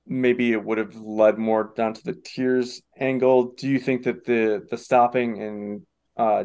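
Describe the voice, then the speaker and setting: A man's voice: mid-range voice, darkish tone. A man hosting a podcast on a video call, talking frankly and easygoing, with casual swearing. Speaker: podcast host. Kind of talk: casual chat.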